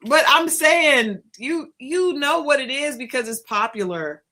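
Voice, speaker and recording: Bright-voiced woman telling a funny story. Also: high voice, unhurried. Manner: animated, laughs often, acts out quotes. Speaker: podcast co-host. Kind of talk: casual storytelling chat.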